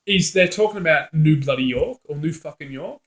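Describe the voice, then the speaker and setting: A man's voice: on the high side, fairly quick. A man with an Australian accent in casual chat, laughing often and swearing freely. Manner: laughs often, animated and profane. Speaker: co-host. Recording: roomy echo.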